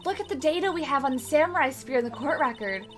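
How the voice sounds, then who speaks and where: A woman's voice: high-pitched, lively intonation, fast, fairly bright tone, soft background music. A woman reading out the lines of a perky young female assistant in a coaxing way.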